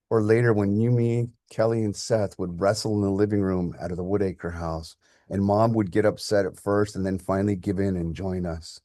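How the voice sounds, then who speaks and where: A man's voice: fairly low pitch, mellow, no echo, clean studio sound, natural voice. A man voicing a grown son, raw and emotional, who is angry at his father and later tender with him.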